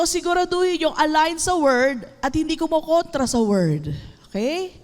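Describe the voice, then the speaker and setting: A woman's voice: very high voice, animated, normal speed. A woman pastor with a Filipino accent preaching a sermon, emphatic, with frequent call-and-response and a mix of English and Tagalog. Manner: switches between English and Tagalog. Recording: long hall reverb.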